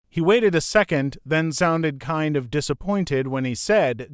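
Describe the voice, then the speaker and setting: A man reading a novel aloud as audiobook narrator, in a plain, steady first-person storytelling manner. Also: on the high side, unhurried, hardly any pauses, clear, resonant tone, no echo, clean studio sound.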